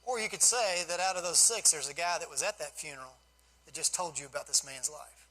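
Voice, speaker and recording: High, bright-voiced storytelling man. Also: a little fast, poor audio. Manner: folksy, animated storyteller. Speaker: guest motivational speaker. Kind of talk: storytelling speech to a live audience.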